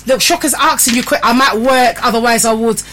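A woman's voice: a little high, brisk, fairly bright tone, a little hiss or hum. A woman hosting a live radio show, chatting in a bossy, teasing way full of slang. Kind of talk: casual live radio chat.

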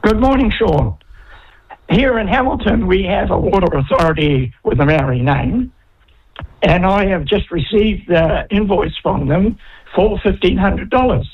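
High-voiced New caller on a dull phone line. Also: male voice, measured pace, slightly rough.

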